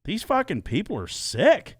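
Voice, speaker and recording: A man's voice: high voice, huge pitch swings, measured pace, no room sound. A man co-hosting a podcast in casual chat, rambling and restarting his words, recorded in a small soundproofed studio. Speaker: podcast co-host.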